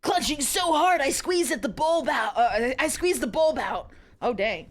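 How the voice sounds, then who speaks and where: Reading spicy fiction to her stream, a young woman with a high, very lively voice takes her time, unhurried. She often stops to giggle and apologize, her pitch swooping up and down.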